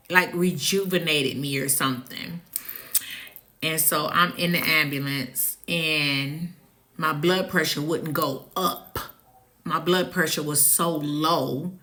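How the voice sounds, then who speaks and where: A woman telling a personal story in a casual storytime vlog. She speaks with animated emphasis, jumps high when indignant, and drops to a hush for the tense parts. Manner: drops to a hushed, low voice when recounting the tense moments; uses colloquial slang.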